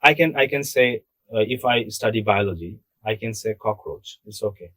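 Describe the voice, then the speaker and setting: A man's voice: fairly low pitch, normal speed, fairly bright tone, no room sound. Emphatic man, dry sound. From Bangladesh. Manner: emphatic, asks rhetorical questions and answers them. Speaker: podcast co-host. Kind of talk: casual discussion.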